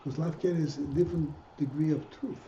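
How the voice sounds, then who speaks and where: A man's voice: a little high, fairly even intonation, dark tone. Rabbi guy lecturing, keeps restarting, asks students questions, roomy sound w faint hiss. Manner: halting, frequent restarts, rhetorical questions. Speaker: rabbi teaching a class. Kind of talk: Hasidic text lesson. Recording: dull, echoey room, faint noise.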